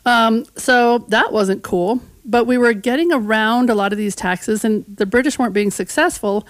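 A woman's voice: on the high side, moderate pace, few pauses, no echo. A woman historian as a radio guest, explaining history casually and acting out voices from the past. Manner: conversational storytelling, acts out voices of history.

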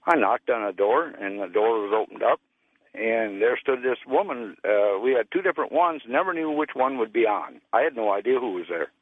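A man's voice: medium pitch, expressive, moderate pace, no room sound. A man telling a long personal story over a tinny, phone-like line. His voice sounds dry and close, and he talks plainly, slipping into the voices of the people in his story. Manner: plain folksy storytelling, acts out quoted voices. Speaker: caller.

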